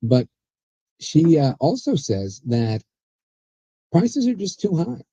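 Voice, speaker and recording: A man's voice: a little high, sing-song, takes it slowly, dark tone, breathy edge, no room sound, highs cut off. A man hosting a political talk show, chatty and sarcastic, rambling with restarts. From USA. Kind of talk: casual political commentary.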